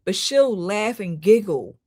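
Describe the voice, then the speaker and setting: A woman's voice: mid-range voice, sing-song, slow pace, a little mellow, dry recording, studio quality. A woman hosting a live-stream commentary, critical in tone, often repeating herself for emphasis and talking to viewers as "y'all". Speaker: host.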